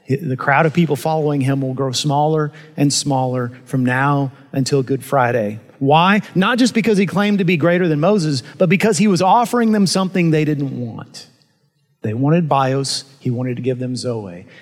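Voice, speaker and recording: Male pastor, sermon delivery, somewhat high voice, earnest with emphatic swells and soft asides, long hall reverb. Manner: earnest preaching with emphatic rises and hushed asides.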